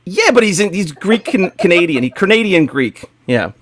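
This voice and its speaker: Upbeat joking podcast host, dry close mic. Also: male voice, sits high, sing-song, normal speed, a bit bright, dry recording. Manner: joking, upbeat show opener. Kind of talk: casual podcast chat.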